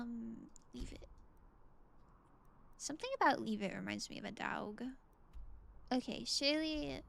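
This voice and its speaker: A woman's voice: a little high, creaky, fairly bright tone. A woman streamer chatting casually while playing a game, musing aloud and answering her chat.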